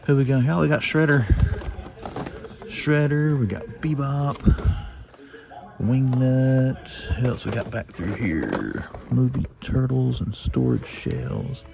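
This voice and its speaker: Gravelly, mellow-voiced man browsing toys. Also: mid-range voice, animated, takes it slowly, soft background music. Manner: chatty, rambling, lists finds aloud as he browses. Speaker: toy collector vlogger. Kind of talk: casual toy-hunting commentary. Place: inside a retail store.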